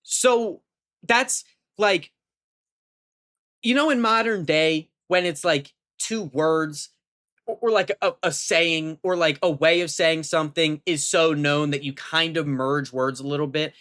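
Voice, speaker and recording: A man's voice: unhurried, a bit bright. A young man giving a casual, rambling movie review vlog, full of fillers and restarts, now and then swearing, his voice jumping up when he gets emphatic. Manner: pitch jumps up when emphatic.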